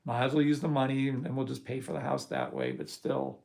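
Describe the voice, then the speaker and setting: A middle-aged man hosting a live trading stream, talking bluntly and profanely and working himself up into loud rants. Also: mid-range voice, very animated, brisk, creaky, few pauses. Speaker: trading course host. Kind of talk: live-stream talk to viewers.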